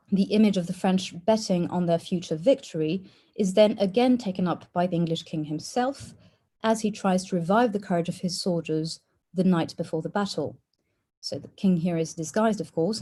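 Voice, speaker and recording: A woman with a mellow, fairly low voice reads her academic paper at an online conference. Her delivery is measured and formal, with an occasional "uh" as she moves through her points. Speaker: conference speaker. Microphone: online conference call.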